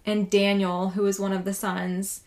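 A woman's voice: medium pitch, little pitch movement, normal speed. Woman podcast host, casual storyteller, chatty with swearing. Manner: casual, swears freely, lots of "like". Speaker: podcast co-host telling a true haunting story.

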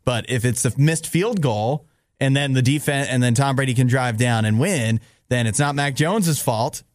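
A man's voice: mid-range voice, moderate pace, no echo. A man co-hosting a radio show, chatting casually and giving joking, opinionated takes. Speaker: radio co-host. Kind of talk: casual chat.

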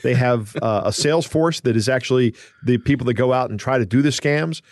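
A man's voice: mid-range voice, brisk, a little mellow, dry recording, studio quality. A man co-hosting a podcast, explaining a news story in a casual, conversational way with some restarts. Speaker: podcast co-host.

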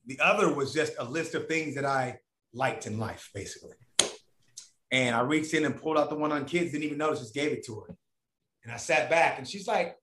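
Animated man telling stories, echoey room. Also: medium pitch, fairly quick. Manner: animated, profane, acts out voices of others. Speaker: podcast guest. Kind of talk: casual storytelling.

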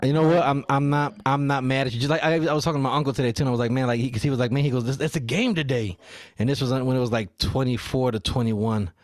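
A father in casual chat, telling animated stories and acting out what people said. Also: medium pitch, racing, hardly any pauses, no room sound. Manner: animated storyteller who acts out quotes.

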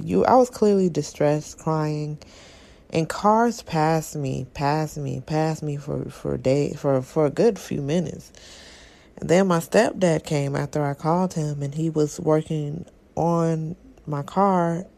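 A podcast co-host telling a personal story in a relaxed, casual way. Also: mid-range voice, vocal fry.

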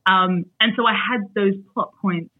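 A woman's voice: mid-range voice, measured pace, dry recording. A woman, an author chatting in an interview over a video call, with many fillers. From Australia. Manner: chatty, many fillers, animated when retelling. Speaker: author guest. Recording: tinny lo-fi video call audio.

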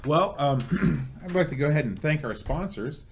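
A man's voice: on the high side, animated, normal speed, creaky, a little hiss or hum. Male podcast co-host, easygoing and agreeable, casual game-review chat. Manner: easygoing, agreeable, frequent backchannel.

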